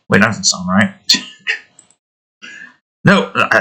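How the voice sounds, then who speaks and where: A man's voice: fairly low pitch, big pitch swings, slow, pauses often, bright, forceful tone, breathy edge. An American man giving casual, rambling commentary while building a game, joking, swearing and talking to the objects on his screen. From United States. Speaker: hobby game developer.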